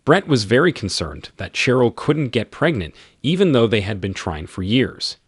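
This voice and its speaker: A man reading a scripted romance story as narrator, in an even, measured way. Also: mid-range voice, husky, no room sound, clean studio sound.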